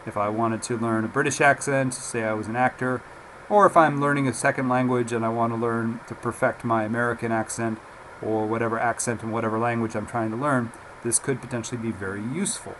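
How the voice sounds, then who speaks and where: A man talks through a software demo in a casual, unhurried way. He pauses often and fills the gaps with fillers. A faint hum sits under his voice. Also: medium pitch. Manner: relaxed, halting, with frequent "uh" fillers. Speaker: software reviewer.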